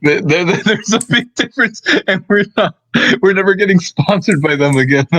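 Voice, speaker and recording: A young man co-hosting a casual podcast, talking haltingly and laughing often. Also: sits high, a bit bright. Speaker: podcast co-host. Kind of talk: casual chat. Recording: dull lo-fi dry mic.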